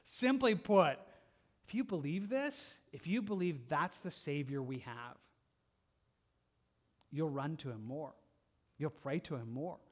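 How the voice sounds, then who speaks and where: A man preaching a verse-by-verse sermon as pastor, talking earnestly and conversationally, with restarts and soft laughs. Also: a little high, expressive, a little slow, pauses often.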